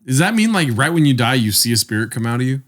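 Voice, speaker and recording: A man's voice: mid-range voice, sing-song, fast talker, fairly bright tone. A young man co-hosting a podcast, telling a long rambling story with lots of swearing. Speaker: podcast co-host. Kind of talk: casual chat.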